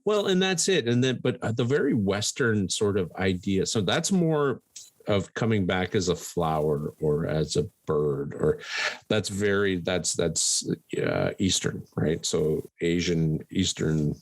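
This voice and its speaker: A man's voice: low-pitched, big pitch swings, unhurried, dry recording. A man co-hosting a podcast, chatting casually, swearing and laughing often. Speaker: podcast co-host. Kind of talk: casual chat.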